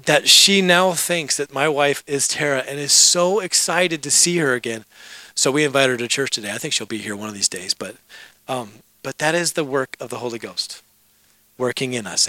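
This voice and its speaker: A middle-aged male pastor delivers a sermon through stories and joking asides. His voice sits somewhat high and rings bright and forceful. The sound is dry and close. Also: no echo. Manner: storytelling, joking asides with the congregation.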